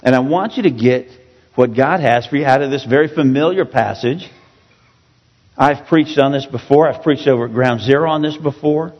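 A man's voice: medium pitch, moderate pace. A man preaching a sermon as pastor, in a loose, conversational way that pokes fun at himself. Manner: conversational, self-joking preaching. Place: church sanctuary. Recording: dull echoey hall recording.

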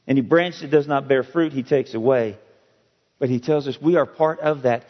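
A man preaching a sermon, slow and emphatic, with dramatic pauses. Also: mid-range voice. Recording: dull audio with long hall reverb.

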